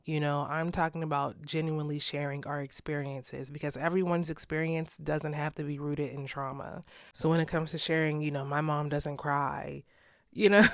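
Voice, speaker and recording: A woman's voice: sits low, dry recording, studio quality. A young woman hosting a solo podcast, talking candidly in a casual way and laughing often. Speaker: podcast host.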